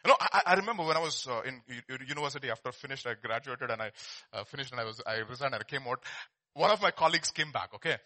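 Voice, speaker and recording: Animated pastor preaching, bright voice. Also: male voice, mid-range voice, rapid-fire. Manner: animated, swings from soft asides to loud exhortation; repeats words and restarts, rhetorical questions. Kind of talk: sermon.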